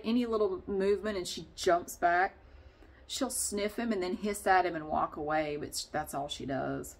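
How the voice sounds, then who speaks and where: A woman vlogger chatting casually and rambling, often laughing as she talks. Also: lowish voice. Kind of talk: casual vlog chat.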